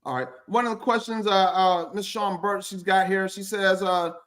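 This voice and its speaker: A man's voice: sits high, normal speed, fairly bright tone. A man hosting a live stream interview, joking and teasing his guests in playful banter.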